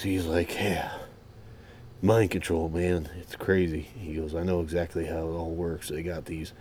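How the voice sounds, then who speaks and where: In a low voice, a young man who once served as a Marine and worked as a firefighter hosts a podcast, telling an animated, profane story in a relaxed way.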